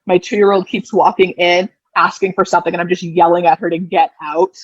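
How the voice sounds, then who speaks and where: A woman's voice: fairly low pitch, fairly quick, breathy edge, dry recording, highs cut off. A woman in her thirties, a podcast guest, telling a personal story in a casual way and acting out the lines people said. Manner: lively retelling, acting out quoted lines.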